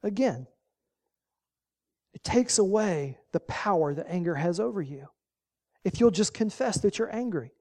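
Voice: medium pitch, expressive, unhurried, long pauses, darkish tone. A pastor preaching a sermon, folksy and emphatic, driving points home with short repeated commands.

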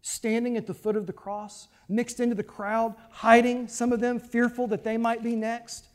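A man preaching a sermon, reading scripture aloud and then preaching on it, swelling loud on key phrases and dropping low. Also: little pitch movement, normal speed. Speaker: pastor.

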